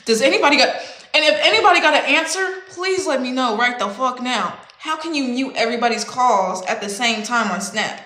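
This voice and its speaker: The speaker is a young woman on a livestream whose fairly quick, expressive voice is high, bright and forceful, with an echoey room around it. Her casual chat rambles, leans on slang and swearing, and is punctuated by frequent laughs.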